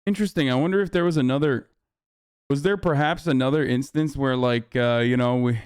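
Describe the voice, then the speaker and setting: A young man commenting on a livestream, heated and profane, his voice hoarse from screaming the night before. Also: medium pitch, fairly quick, darkish tone, no echo, clean studio sound. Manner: heated, profane, restarts often. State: hoarse, lost voice. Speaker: livestream host.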